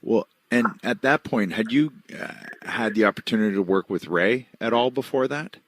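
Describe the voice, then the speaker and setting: A man hosting an interview podcast, asking questions in a relaxed, chummy, teasing way. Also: on the low side, normal speed. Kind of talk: casual interview chat.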